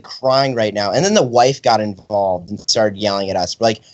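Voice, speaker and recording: A young man casually chatting as a podcast co-host, telling an animated story and acting out the people in it. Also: fairly low pitch, moderate pace, few pauses, no echo. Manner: animated storyteller, acts out quotes. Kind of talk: casual chat. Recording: dry, slightly dull sound.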